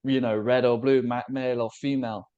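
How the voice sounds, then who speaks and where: A man's voice: mid-range voice, level tone, brisk, dark tone, clear, resonant tone, lo-fi sound. Man musing on a spiritual podcast. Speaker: podcast co-host. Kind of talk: casual spiritual podcast discussion.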